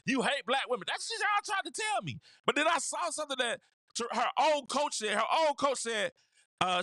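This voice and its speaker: Lively high-voiced man with animated commentary. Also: no room sound, clean studio sound. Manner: animated, repeats phrases, talks straight to viewers. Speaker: host of a sports talk show. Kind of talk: casual basketball commentary.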